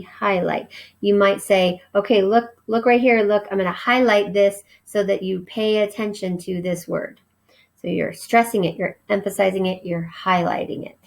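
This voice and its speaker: A woman teaching a recorded vocabulary lesson at a slow, patient pace. She spells each word out letter by letter before explaining it, and her voice has a gravelly edge. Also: mid-range voice, rough recording.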